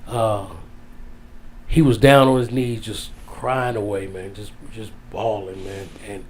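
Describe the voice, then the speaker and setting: A man telling a heartfelt story as a guest, drawn out, dropping low and soft on the sad parts. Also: fairly even intonation, takes it slowly. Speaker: wrestling guest. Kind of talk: storytelling in casual interview.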